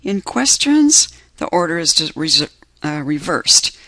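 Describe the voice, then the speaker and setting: Guy teaching beginner german over slides, slow and patient, gravelly voice, dry close sound. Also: a little high, very animated, pushed and bright, no echo. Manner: patient, explains step by step and repeats examples.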